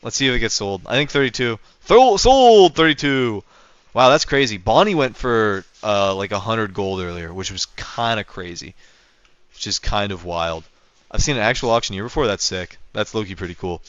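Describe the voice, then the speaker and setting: A man's voice: on the low side, brisk, fairly bright tone, no room sound. A young man streaming a game live, chatting casually with viewers in a rambling, self-correcting way, on a dull lo-fi mic. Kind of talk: casual livestream commentary.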